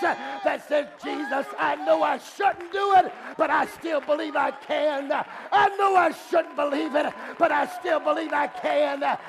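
A man preaching a revival sermon, swinging between shouted, rhythmic climaxes and hushed, intimate stretches, with a repeated "uh" between phrases. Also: very high voice, vocal fry. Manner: punctuates phrases with "uh", repetitive rhythmic cadence. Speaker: guest preacher. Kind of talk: Pentecostal-style revival sermon.

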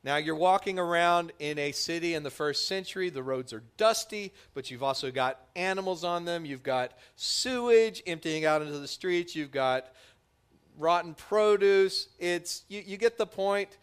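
A man preaching a sermon, telling the story with lively voices for its characters. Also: on the high side, normal speed, smooth. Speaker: pastor.

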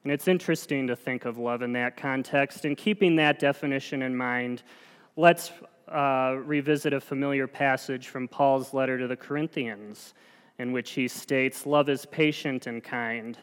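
A man preaching in a church sanctuary, earnest and conversational, sometimes poking fun at himself. His smooth, resonant voice rings out with a long reverb that fills the hall. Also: medium pitch, steady tone, normal speed. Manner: earnest, self-deprecating and conversational. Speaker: lay preacher. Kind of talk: sermon.

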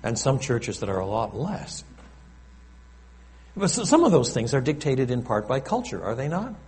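A male pastor preaching a sermon in an animated, conversational way, with frequent asides to the congregation. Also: mid-range voice, normal speed, slight background noise.

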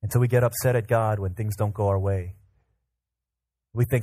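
A man preaching a casual, energetic sermon to a congregation, often repeating and restarting words as he tells everyday examples. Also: lowish voice, moderate pace, no echo. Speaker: pastor. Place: church service with congregation.

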